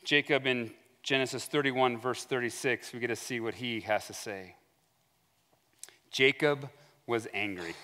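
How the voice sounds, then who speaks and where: A man's voice: medium pitch, unhurried, sharp tone. A male pastor giving a conversational sermon in a church sanctuary, acting out the voices he quotes, heard with long hall reverb.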